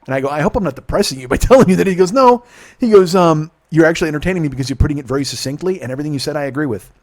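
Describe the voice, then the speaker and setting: A middle-aged man, a podcast host, telling a profane, animated story in casual talk and acting out the dialogue. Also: on the high side, racing.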